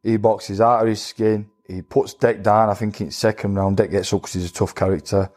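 A man's voice: fairly low pitch, flat delivery, moderate pace, a little mellow. A former boxer, telling his stories bluntly in a casual interview. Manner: blunt, plain-spoken, acts out quoted voices. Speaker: retired boxer guest.

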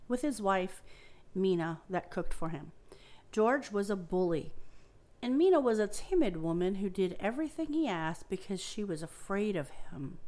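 A woman co-hosting a podcast, reading a scary story aloud at a steady, even pace. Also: mid-range voice. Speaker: podcast co-host.

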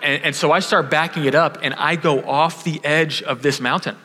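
A male pastor from Houston with a bright, forceful voice, preaching in a room with a long reverb tail. He tells a lively story and switches into other people's voices as he quotes them. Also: a little high, moderate pace. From Houston, Texas. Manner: animated storyteller, acts out quoted voices, self-deprecating. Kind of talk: sermon with personal storytelling.

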